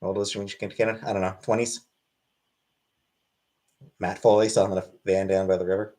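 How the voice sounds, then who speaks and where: A man hosting a casual livestream Q&A, reading chat questions aloud and answering in a wry, deadpan way. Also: sits low, quick pace. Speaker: livestream host.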